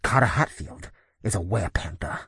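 A grave middle-aged professor of the paranormal, voiced by a man in an audio drama, speaking in a husky, slightly breathy voice. He talks in a measured, insistent way, as if pleading for caution. The recording is dry and close. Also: lowish voice, lively intonation, fairly bright tone, no room sound, exaggerated voice. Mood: wry.

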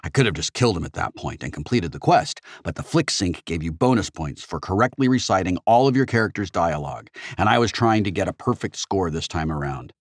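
A man narrating a first-person audiobook in steady storytelling. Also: low voice, a little fast, hardly any pauses, no room sound, studio quality.

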